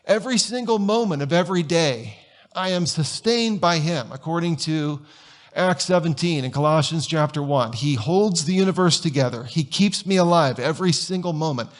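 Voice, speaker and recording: A man's voice: a little high, animated, moderate pace. A man pastor giving a conversational sermon in a church sanctuary, telling stories and firing off rhetorical questions.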